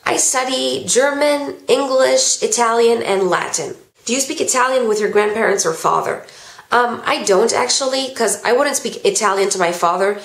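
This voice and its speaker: A woman's voice: fairly high pitch, normal speed, gravelly. A teenage girl with a Californian-tinged American accent, answering viewer questions in a casual vlog. She reads each question aloud, then answers chattily with "um" and "like". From France. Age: teens. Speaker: vlogger. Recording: roomy echo.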